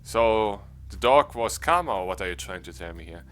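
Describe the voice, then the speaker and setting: A man's voice: on the low side, expressive, normal speed, a bit bright. A man playing through a story game, joking to his viewers between lines. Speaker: gaming commentator.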